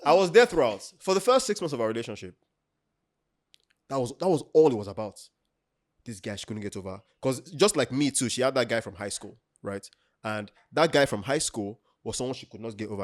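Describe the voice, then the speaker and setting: A man in his thirties with a Nigerian accent, a podcast co-host telling stories in a lively, laughing way. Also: fairly low pitch, quick pace, no echo, clean studio sound. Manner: animated, laughs often, acts out quotes. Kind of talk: casual storytelling chat.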